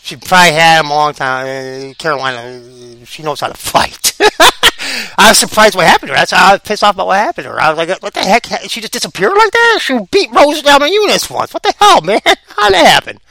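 Excitable high-pitched gravelly man. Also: brisk, poor audio. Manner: excitable, rambling, laughs often. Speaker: vlogger reacting to fights. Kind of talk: casual reaction commentary.

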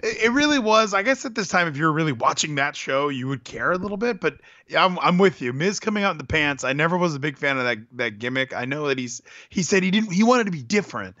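A man's voice: on the high side, very animated, fast, hardly any pauses, pushed and bright, no room sound, highs cut off. A man chatting casually about wrestling, rambling and correcting himself. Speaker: podcast co-host.

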